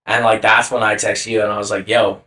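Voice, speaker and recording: A man's voice: lowish voice, level tone, fairly quick, pushed and bright, reverberant. A young man co-hosting a casual podcast chat, rambling with lots of filler words and swearing. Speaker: podcast co-host.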